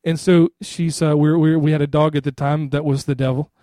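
A middle-aged male pastor preaching in a loose, chatty way, forever asking his church "right?". His voice sits a little high but sounds mellow and soft-edged. The recording is dry and close, with no room echo. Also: flat delivery, a little fast. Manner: conversational, repeats "right?" to the congregation. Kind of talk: sermon.

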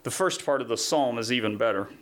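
A middle-aged man preaching a sermon, telling a story in a chatty way and then reading scripture slowly and solemnly. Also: mid-range voice, animated, fairly bright tone. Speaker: pastor.

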